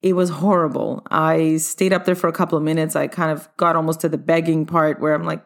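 A woman's voice: low voice, little pitch movement, brisk, creaky, hardly any pauses. A middle-aged woman who owns a dance studio, telling her own story in a chatty, upbeat way and speaking straight to her listeners. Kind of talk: personal storytelling monologue.

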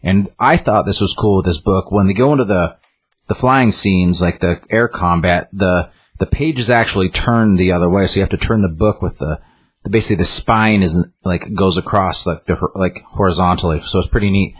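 A man's voice: deep voice, moderate pace, breathy edge. A man casually retelling a book's story in a rambling way, with many restarts and fillers. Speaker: book reviewer.

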